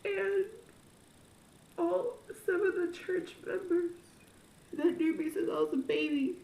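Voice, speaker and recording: Tearful young woman with a high voice. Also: fairly even intonation, takes it slowly, creaky, darkish tone. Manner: emotional, tearful storytelling. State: crying. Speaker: vlogger. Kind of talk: personal confessional vlog. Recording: echoey room with faint noise.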